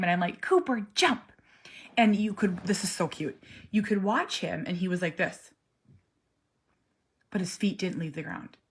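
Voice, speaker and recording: A woman in her forties, a parent talking casually to camera, earnest and animated, sometimes dropping to a soft near-whisper. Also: fairly low pitch, slightly rough. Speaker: parent vlogger. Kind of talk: casual personal vlog.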